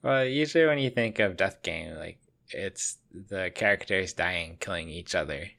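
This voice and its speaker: A man's voice: low voice, normal speed, gravelly, pushed and bright. A man co-hosting a casual anime podcast, laid-back with short replies and dry humor. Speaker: podcast co-host. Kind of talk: casual chat about anime.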